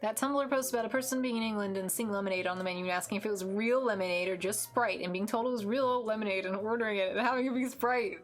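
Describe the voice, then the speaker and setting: A young American woman chats on her art stream, rambling and restarting her sentences with plenty of fillers. Her pitch sits in the middle. Soft music plays faintly behind her. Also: fast, few pauses. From United States. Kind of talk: casual chat while drawing on stream. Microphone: desk mic with headphones.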